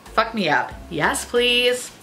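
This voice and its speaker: A young woman reviewing makeup in a casual vlog, excitable and profane, gushing over products. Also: a little high, takes it slowly, over loud music. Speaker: beauty YouTuber.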